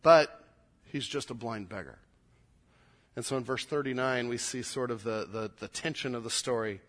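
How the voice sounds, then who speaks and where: A male pastor preaching a sermon, telling the story in an animated way and swinging between loud and soft. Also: medium pitch, normal speed.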